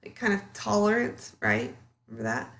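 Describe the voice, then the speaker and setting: A woman in her thirties teaches a history class in a relaxed, conversational way. She leans on fillers like "um" and keeps checking in with her students through quick questions. Her pitch sits in an ordinary middle range. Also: vocal fry. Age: 30s. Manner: casual, chatty, filler-heavy, asks the class questions. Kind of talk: classroom lecture.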